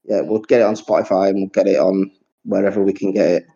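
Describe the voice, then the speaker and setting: A man's voice: low voice, fairly even intonation, quick pace, creaky, dark tone, husky. A man co-hosting a podcast, chatting casually, rambling and swearing freely. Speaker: podcast co-host. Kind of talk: casual chat. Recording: dull lo-fi audio.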